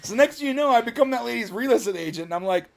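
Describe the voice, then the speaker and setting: A man's voice: extremely high pitch, expressive, very fast, vocal fry, no echo. A man co-hosting a podcast, telling a long rambling neighborhood story in casual chat, with frequent restarts and laughs. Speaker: podcast co-host.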